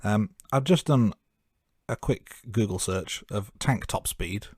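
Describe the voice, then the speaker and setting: A man's voice: on the low side, takes it slowly, darkish tone, breathy edge, no echo, studio quality. A man co-hosting a film review podcast, chatting casually and raising wry, jokey questions about the plot. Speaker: podcast co-host. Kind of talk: casual movie review chat.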